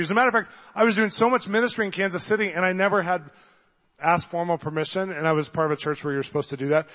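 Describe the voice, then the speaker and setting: A man preaching a sermon, telling stories in an animated way, acting out the voices of the people in them and getting loud at times. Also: high-pitched, fast. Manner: animated storyteller, acts out voices, gets loud. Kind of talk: sermon with storytelling. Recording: dull long hall reverb.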